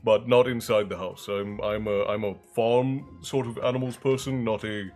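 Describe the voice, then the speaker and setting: A man's voice: fairly low pitch, steady tone, moderate pace, darkish tone, faint music behind. Chatty male streamer. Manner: chatty, reads chat aloud and thanks viewers. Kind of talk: casual live-stream chat.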